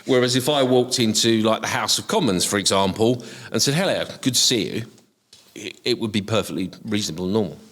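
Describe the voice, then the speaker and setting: Low-voiced essex guy, softened estuary accent, lots of ums, reverby room. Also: quick pace, hardly any pauses. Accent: softened Essex estuary English. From Essex, England. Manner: hesitant, many ums and restarts. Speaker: guest, HR professional. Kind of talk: casual reflective interview talk.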